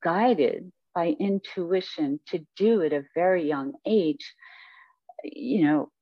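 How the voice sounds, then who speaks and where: A woman's voice: lowish voice, slow pace, dry recording. A woman guest speaking in an interview, telling her life story in a reflective, rambling way with many fillers. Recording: dull, dry sound.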